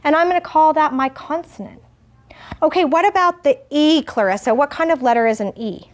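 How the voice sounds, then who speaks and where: A woman teaching a first grade phonics lesson, asking gentle questions and stretching out words slowly. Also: high-pitched. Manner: slow, exaggerated word modeling.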